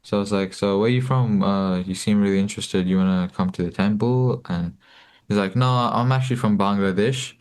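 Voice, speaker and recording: Low-voiced young man telling a story. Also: darkish tone, clear, resonant tone. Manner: halting, many fillers and restarts. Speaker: guest, book distributor. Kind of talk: casual storytelling.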